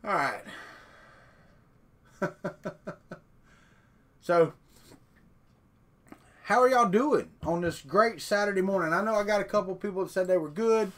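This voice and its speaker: A man hosts a morning live stream, talking off the cuff in a loose, folksy, rambling way. His voice sits a touch higher than most men's. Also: lively intonation, a little slow, pauses often, a bit bright. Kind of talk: casual live stream chat.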